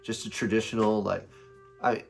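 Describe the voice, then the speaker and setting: A man's voice: lowish voice, flat delivery, moderate pace, vocal fry, faint music behind. A young American man chatting casually with his wife, rambling and self-mocking with lots of fillers. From United States. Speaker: co-host, husband. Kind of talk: casual couple chat.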